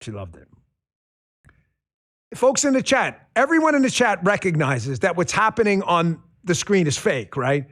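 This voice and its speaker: A male host delivering a political commentary monologue in a high, bright voice that swings widely up and down. He talks in a sarcastic, mocking way, full of animated emphasis. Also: moderate pace.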